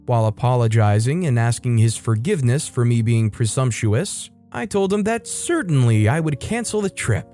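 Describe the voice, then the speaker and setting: Guy narrating reddit-type stories, wry and playful, regular mid voice, quiet music under it. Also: medium pitch. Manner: wry, playful delivery with mock voices for quotes. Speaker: story narrator. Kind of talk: scripted storytelling narration.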